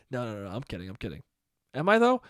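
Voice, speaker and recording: A young man from New York hosting a solo comedy podcast, riffing with profanity, swinging from loud bursts to mumbled asides and high laughs. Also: dry recording, studio quality. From New York (Westchester). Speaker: podcast host.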